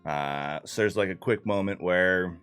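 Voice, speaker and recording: Guy with a really low voice going over last session, cusses a lot, faint guitar behind. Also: a little slow, a bit bright, clean tone. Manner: loose and profane, with frequent fillers. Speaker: player recapping the campaign. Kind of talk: casual recap of a tabletop game.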